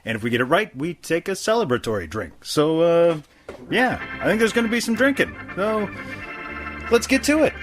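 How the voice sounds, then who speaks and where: A man's voice: sits high, big pitch swings, moderate pace, faint music behind. A man hosting a podcast in casual chat, laid-back and rambling with plenty of fillers. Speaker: podcast host.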